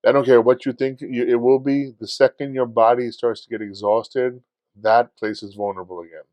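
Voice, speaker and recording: A man co-hosting a podcast in casual chat, telling stories in a profane, animated way and acting out his own shouting. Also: medium pitch, normal speed, no room sound. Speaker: podcast co-host.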